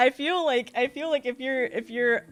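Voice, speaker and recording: A woman's voice: sits high, moderate pace, a bit bright. Giggly young woman streamer. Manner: giggly, chatty, often laughing while reading chat. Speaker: VTuber streamer. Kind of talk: casual live-stream chat while gaming.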